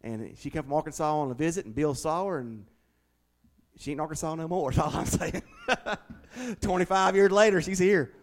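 A man preaching a sermon, telling folksy stories with big swings between loud and hushed delivery. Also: a little high, normal speed. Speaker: pastor.

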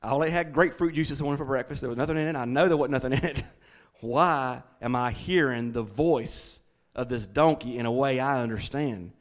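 A man voicing an exasperated prophet who cannot control his donkey, speaking in a rattled, rapid way. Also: medium pitch, pitched below the performer's own voice, natural voice. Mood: bewildered. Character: exasperated male prophet riding a stubborn donkey.

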